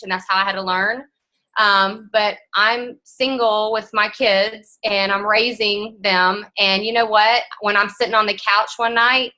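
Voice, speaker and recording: A woman, giving a frank, animated motivational talk to her team as guest speaker. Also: medium pitch, low-quality recording.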